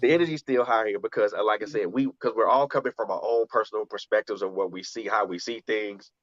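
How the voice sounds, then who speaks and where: A man's voice: fairly low pitch, fast talker, a bit bright, no echo, lo-fi sound. A man hosting a radio talk show, speaking earnestly and often restarting his phrases as he reflects. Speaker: radio show host and poet. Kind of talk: conversational talk, then spoken-word poetry.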